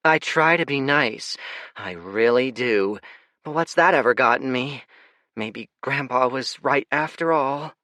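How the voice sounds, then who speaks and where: A man's voice: a little high, sing-song, unhurried, sharp tone, dry recording, pitched above the performer's own voice, heavily acted. A male narrator voicing a blunt young woman who speaks matter-of-factly and teases, in an audiobook. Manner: matter-of-fact, bluntly teasing.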